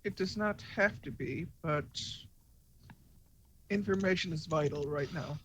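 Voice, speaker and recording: A man playing a tabletop game, speaking in character as a formal, measured starship commander. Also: on the high side, fairly bright tone, slight background noise. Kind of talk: in-character role-play.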